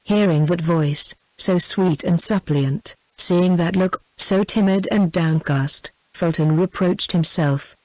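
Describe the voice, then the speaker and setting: British female TTS narrator for an audiobook, even and machine-like. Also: fairly low pitch, slow pace, hardly any pauses, no echo, poor audio. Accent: British English. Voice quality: even synthetic delivery, reads punctuation aloud. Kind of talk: text-to-speech audiobook narration.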